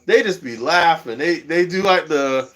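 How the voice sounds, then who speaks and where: A man's voice: on the high side, animated, measured pace, fairly bright tone. A man livestreaming, chatting casually and rambling, chuckling often as he talks.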